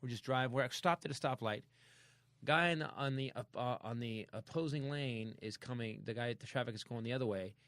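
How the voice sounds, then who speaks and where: A man hosting a comedy podcast, telling a story in a casual, animated way and acting out sound effects. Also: medium pitch, fairly quick, no room sound. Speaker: podcast host.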